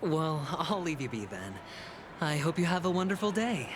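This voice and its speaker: An actor playing a smooth, teasing young male gambler in a game, his inner thoughts sometimes whispered. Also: fairly high pitch, big pitch swings, normal speed, background noise. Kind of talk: game voice acting. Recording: game audio over clear music.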